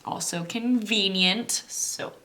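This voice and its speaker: Bright-voiced young woman reviewing a book. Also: medium pitch, takes it slowly. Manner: chatty, mildly critical, many fillers. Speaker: book vlogger. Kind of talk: casual book review vlog.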